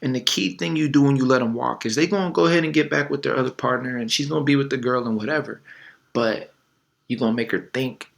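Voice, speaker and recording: This man's medium-pitched voice is gravelly, and he speaks quickly. He coaches on dating in a relaxed, chatty advice style, peppering his talk with fillers and brief impersonated lines.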